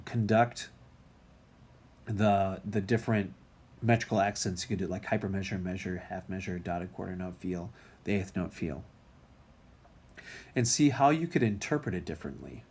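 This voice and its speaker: A man's voice: lowish voice, darkish tone. A man teaching music theory in a recorded lecture, talking casually with many ums and restarts.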